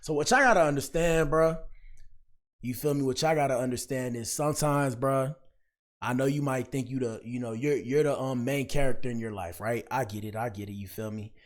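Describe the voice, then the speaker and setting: A young man riffs on a video for his viewers in slang-heavy, preachy commentary. His voice sits at an ordinary pitch, and he keeps turning to the audience to make his point. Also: a little fast. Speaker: commentary streamer. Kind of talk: casual reaction commentary.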